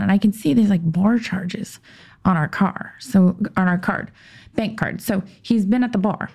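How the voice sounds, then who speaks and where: A woman recounting a hard personal story as a podcast guest, in a warm, mellow voice. She speaks slowly and haltingly, often stopping to restart a sentence. When she gets heated, she drops into a tense whisper. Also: mid-range voice, gravelly. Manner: halting, with frequent restarts and pauses. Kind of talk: personal story told in conversation.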